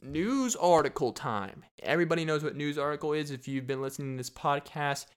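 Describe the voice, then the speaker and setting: A man's voice: on the high side, fairly even intonation, quick pace, a bit bright, clear, resonant tone. A young man hosting a casual solo podcast, rambling and joking and laughing often. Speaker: podcast host.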